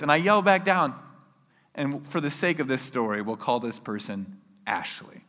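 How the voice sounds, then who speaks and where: A man delivers a sermon as a lively personal story, jumping into loud acted-out shouts. His voice has a bright, forceful edge. The sound carries a long hall reverb. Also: mid-range voice, moderate pace. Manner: animated storyteller acting out his own yells. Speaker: preacher.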